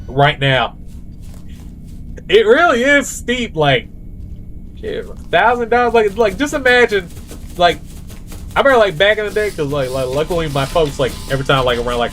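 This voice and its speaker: A man's voice: on the high side, a bit bright. A young man vlogging in a rambling, casual monologue, full of fillers and tangents.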